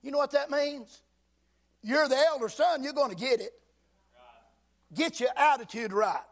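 A man pastor preaching a sermon, reading King James scripture slowly and breaking in with folksy asides, at times shouting for emphasis. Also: very high voice, creaky. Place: church sanctuary.

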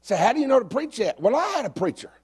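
A middle-aged man, a pastor preaching a sermon who swings from shouted, climbing lines to low, confessional talk. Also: sing-song, quick pace, husky.

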